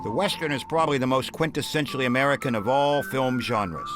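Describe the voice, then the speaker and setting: Sardonic, deadpan male narrator. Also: medium pitch, a little fast, poor audio. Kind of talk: satirical film history narration. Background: film score music.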